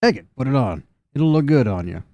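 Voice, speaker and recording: A man voicing a folksy, gruff, fatherly male fox man in a tabletop game, who drawls and calls people son. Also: medium pitch, big pitch swings, a little fast, a little mellow, no echo, highs cut off, natural voice. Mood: coaxing.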